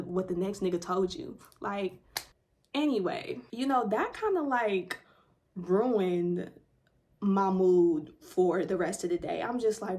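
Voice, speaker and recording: A young adult woman hosting a casual storytime vlog, talking bluntly to her viewers with plenty of swearing. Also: mid-range voice. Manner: blunt, profanity-heavy storytelling addressed to viewers. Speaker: storytime channel host.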